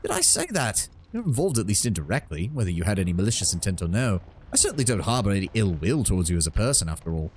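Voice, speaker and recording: A man voicing a shifty, smooth-talking adult male smuggler captain in a vaguely British put-on accent while reading game dialogue aloud. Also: fairly low pitch, sing-song, quick pace, a little mellow.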